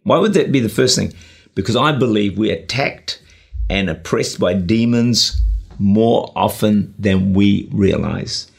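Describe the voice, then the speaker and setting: A gravelly, husky male voice, pitched on the low side and a little slow, belongs to a pastor and radio preacher delivering a sermon. He exhorts earnestly, sprinkling in plenty of "uh" and "you know." The sermon was recorded on a camera.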